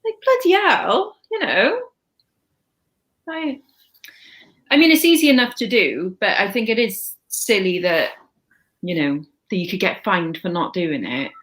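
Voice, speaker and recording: A woman's voice: medium pitch, very animated, measured pace, long pauses, a bit bright. A woman hosting a casual live stream, chatty and blunt, swearing freely. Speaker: channel host.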